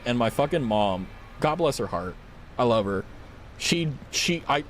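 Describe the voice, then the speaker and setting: A man's voice: medium pitch, a little hiss or hum. A young man streaming as a VTuber, chatting casually with viewers and telling a rambling, profane story.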